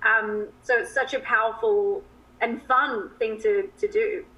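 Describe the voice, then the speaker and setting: A woman talking as an actress guest in a TV interview, chatty and quick to laugh. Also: on the high side, fairly even intonation, bright, forceful tone, rough recording. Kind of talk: TV interview chat.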